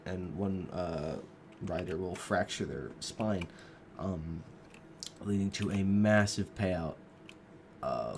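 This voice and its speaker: A man's voice: low-pitched, darkish tone, slight background noise. A sick young man with a cough, giving rambling, joking gameplay commentary into a desk microphone and drifting off mid-thought. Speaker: gaming video creator.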